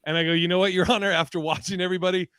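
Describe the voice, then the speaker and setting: A man's voice: high-pitched, level tone, racing, fairly bright tone, clean tone, no echo, low-quality recording. A man co-hosting a podcast, a comedian chatting casually and acting out quotes in different voices as he tells stories. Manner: storytelling, acts out quotes in voices. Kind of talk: casual chat.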